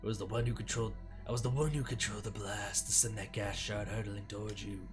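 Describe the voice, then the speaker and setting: A man voicing a sinister green slime creature lurking in a sewer, speaking slowly and menacingly while reading a game's text aloud. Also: on the low side, fairly even intonation, over music, voice pushed down, lightly acted. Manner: slow, menacing, eerie.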